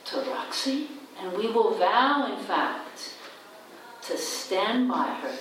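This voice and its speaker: A woman pastor giving a baptism sermon, slow and deliberate, with repeated phrases and emphatic rises. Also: mid-range voice, slight background noise. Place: church sanctuary. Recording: echoey church from a distant mic.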